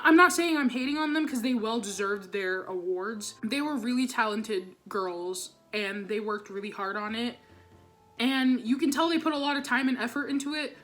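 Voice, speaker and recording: A young woman vlogger with a high, bright voice tells a school story straight to camera. She is animated and swears freely. She acts out the lines of the people in the story. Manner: animated, swearing, dramatic re-enactments. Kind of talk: storytime vlog.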